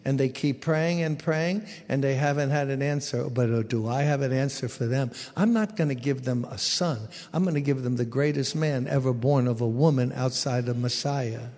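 God, patient and confiding, as a preacher puts him on, with a gravelly grain and the long ring of a church hall behind the voice. Unhurried and fond. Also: male voice, medium pitch, darkish tone, lightly acted. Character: God, patient and fond of a faithful old couple.

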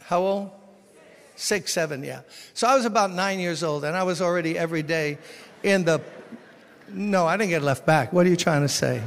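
A man from Brooklyn, preaching a sermon as pastor, swinging between loud exhortation and quiet storytelling. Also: high voice, moderate pace, pauses often. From Brooklyn, New York. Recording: long reverb of a large hall.

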